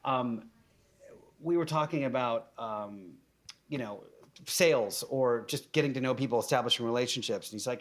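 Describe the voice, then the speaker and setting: A man's voice: mid-range voice, normal speed. A man guesting on a podcast, giving casual conversational advice with frequent fillers and restarts.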